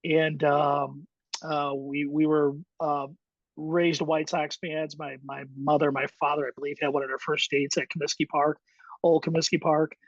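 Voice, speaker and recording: A man's voice: on the high side, level tone, normal speed, no echo, dull audio. A middle-aged man, a guest in an interview, telling his story in a reflective way with many fillers and restarts. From Chicago, USA. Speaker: guest, high school baseball coach.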